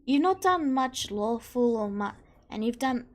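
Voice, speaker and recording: A woman running a tabletop game as game master, unhurried and hesitant. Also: a little high, expressive.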